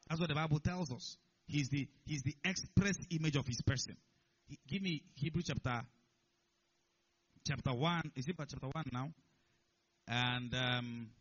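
A man preaching a sermon, firing rhetorical questions at his listeners and building to loud, emphatic declarations. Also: fairly high pitch, slightly rough, muffled recording.

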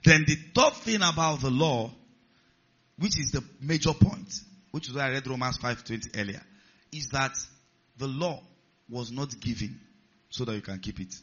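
A man's voice: medium pitch, moderate pace, long pauses, a bit bright. A male pastor preaching a sermon, stressing key words and putting questions to the congregation. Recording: slightly muffled recording.

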